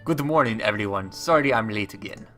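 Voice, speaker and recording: A man voicing a brisk, hurried schoolteacher. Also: on the low side, expressive, fairly bright tone, faint music behind. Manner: brisk, stumbles over the name. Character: rushed male homeroom science teacher.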